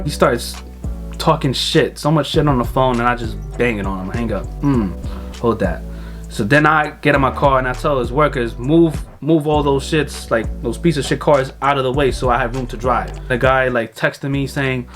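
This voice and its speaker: A young man tells a long story in a loose, casual vlog style, cursing freely as he goes. He slips into quick little impressions of the people in the story, his pitch jumping up for their lines. Faint music plays quietly under his voice. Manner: animated, swears freely, acts out other people's lines. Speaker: car vlogger.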